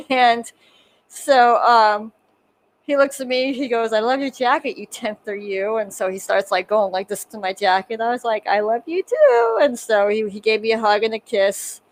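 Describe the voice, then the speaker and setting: A woman's voice: a little high, steady tone, moderate pace, poor audio. A woman chatting on a podcast, telling a story animatedly and acting out the dialogue she quotes. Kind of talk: casual podcast chat.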